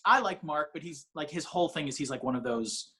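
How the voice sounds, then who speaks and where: A man's voice: fairly high pitch, expressive, a little fast, bright, forceful tone. A male comedian telling a long, rambling, self-mocking story in a casual interview, swearing freely and restarting his sentences. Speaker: comedian guest.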